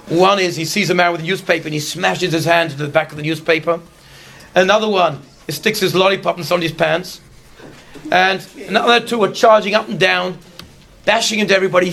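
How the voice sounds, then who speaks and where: A man teaching a Torah class in an explanatory storytelling manner, slowing down on the key lessons. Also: sits high, gravelly, fairly bright tone, slight background noise.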